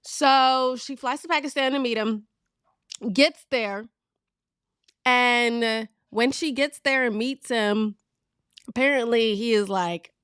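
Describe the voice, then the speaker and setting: A woman from Virginia hosting her own talk show, telling news stories in a frank, animated way and laughing as she goes. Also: on the high side, slow, pauses often, clear, resonant tone, no room sound, studio quality. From Virginia, USA. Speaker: show host. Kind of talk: casual talk-show commentary.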